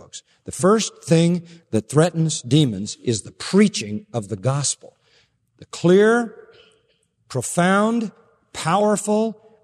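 A male pastor preaching a sermon emphatically, with rhetorical questions and low, pointed stresses. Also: a little mellow. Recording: preached in a hall with long reverb.

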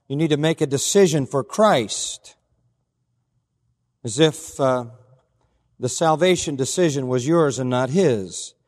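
A man preaching a sermon as pastor, telling a story earnestly and quoting others in a softer voice. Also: high-pitched, in a large hall.

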